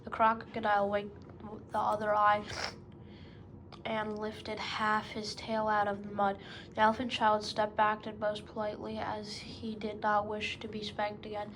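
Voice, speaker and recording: A woman's voice: mid-range voice, completely flat delivery, unhurried, fairly bright tone, slight background noise, poor audio. A woman storyteller narrating a children's story, calling the listener "best beloved".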